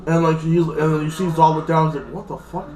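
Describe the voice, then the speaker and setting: A man's voice: fairly high pitch, completely flat delivery, quick pace, a little mellow, soft background music. Rambling man recapping a TV episode, echoey room. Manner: rambling, filler-heavy, retells scenes in quotes. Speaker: TV episode reviewer. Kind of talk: casual spoken recap. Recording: echoey room, mic at a distance.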